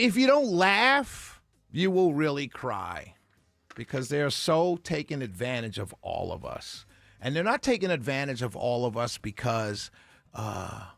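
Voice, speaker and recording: A man's voice: on the high side, gravelly, a bit bright, no echo. A man hosting a radio talk show, ranting passionately and sarcastically into a studio microphone. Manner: heated, sarcastic, laughs between points. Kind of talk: impassioned on-air rant.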